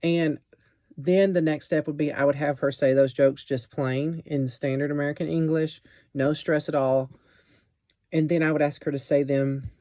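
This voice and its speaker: A man's voice: a little high, a little mellow, dry recording, clean studio sound. A young man presenting a teaching plan for a class in a casual, explanatory way, with many fillers and restarts.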